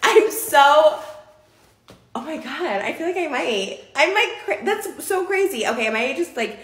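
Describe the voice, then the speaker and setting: High, lively woman vlogger, gasps and gushes; roomy home recording. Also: unhurried. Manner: gasping, gushing, squealing with excitement. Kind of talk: excited unboxing vlog. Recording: echoey room, faint noise.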